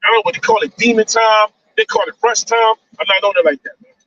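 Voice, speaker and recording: A man's voice: high voice, huge pitch swings, quick pace, a bit bright, no echo. A man, hosting a live stream and lecturing his audience, repeating lines and saying "man" a lot. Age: 40s. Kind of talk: casual monologue on a live stream. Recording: dull, distant mic with faint noise.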